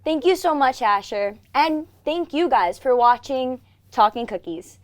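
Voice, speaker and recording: A chatty teenage girl hosts a school broadcast, interviewing a classmate in a relaxed, rambling way with plenty of "like" fillers. Her voice sits a little high, and the sound is close and dry, with no room echo. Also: a little slow. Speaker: student show host. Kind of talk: casual chat interview.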